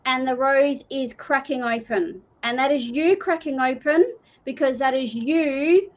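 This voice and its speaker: A woman's voice: sits high, a little slow. An Australian woman giving a live intuitive card reading in an earnest, repetitive, pleading manner. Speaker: card reader. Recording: dull lo-fi stream audio.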